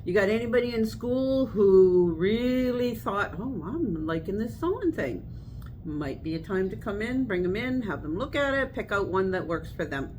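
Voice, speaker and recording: A middle-aged woman co-hosting a shop's weekly show, chatting and making announcements in a relaxed, unhurried way. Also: medium pitch, slight background noise, rough recording. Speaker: co-host. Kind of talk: casual chat.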